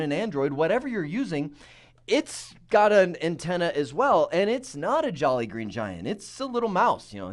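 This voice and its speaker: A man teaching a technical course in a conversational, animated way, often checking in with "right?" and acting out his examples. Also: a little high. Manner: animated, acts out examples in voices; conversational, uses "right?" and "you know". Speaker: instructor. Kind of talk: technical lecture.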